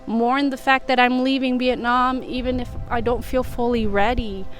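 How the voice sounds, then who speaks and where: A woman's voice: a little high, level tone, normal speed, soft background music. A young woman from the United States, talking through her feelings in a rambling, reflective confessional vlog from her home in Vietnam. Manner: reflective, rambling, soft-spoken. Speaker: vlogger. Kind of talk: emotional confessional monologue.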